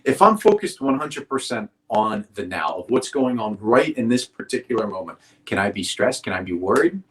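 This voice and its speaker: A man's voice: lowish voice, sing-song, moderate pace, a bit bright. A man teaching athletes in a motivational coaching style, explaining step by step and often checking in with "right?".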